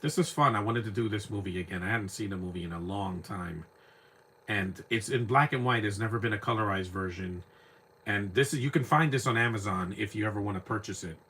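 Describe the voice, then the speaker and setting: A young male movie commentator gives casual live commentary on an old film, rambling fairly quickly and often repeating words while he searches for a name. His fairly low voice is husky, with a bright, forward edge.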